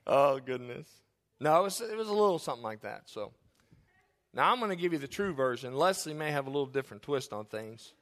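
A man in his forties, a pastor preaching a sermon in a church, animated and jokey, telling stories and acting out the people in them. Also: medium pitch, fairly quick. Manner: animated, jokey, acts out characters in anecdotes. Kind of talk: sermon with storytelling. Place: church sanctuary. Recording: long hall reverb.

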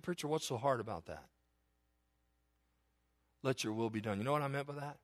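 A middle-aged male pastor relates a personal story from the pulpit, earnestly building to emphatic declarations and easing into hushed tones. He speaks a little fast at medium pitch, but leaves long pauses.

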